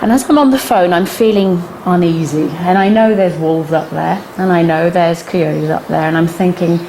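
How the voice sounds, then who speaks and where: Speaking at a moderate pace, a middle-aged animal communication teacher shares a personal story with her workshop group in a room with a small audience. She is lively and laughs often, jumping suddenly high in pitch at each punchline. A little hiss or hum is audible.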